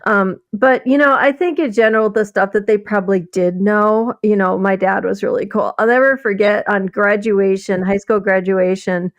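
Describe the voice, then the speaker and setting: A woman's voice: medium pitch, steady tone, normal speed, hardly any pauses, no echo, highs cut off. A middle-aged woman from the American Midwest, telling rambling stories with laughs and restarts as co-host of a casual stream. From Wisconsin. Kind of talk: casual storytelling chat.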